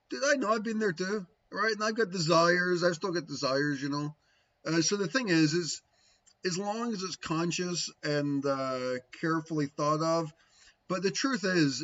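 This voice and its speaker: On a casual livestream, a spiritual teacher answers viewers about spiritual practice, musing and rambling and ending points with "right?" His voice sits on the high side and a bit bright, with the highs cut off.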